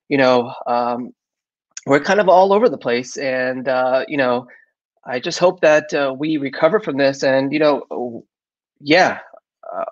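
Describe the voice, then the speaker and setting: A man hosting a live online show, chatting casually with lots of fillers, restarts and laughs. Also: a little high. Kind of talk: casual live-stream talk. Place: southern United States. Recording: dull lo-fi sound.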